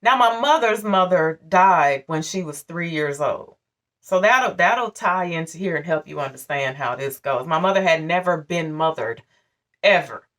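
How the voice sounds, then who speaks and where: A woman's voice: fairly low pitch, animated, measured pace, a bit bright, far from the mic. Woman in her forties telling a personal story. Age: 40s. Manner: candid, emotional, conversational. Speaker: vlogger.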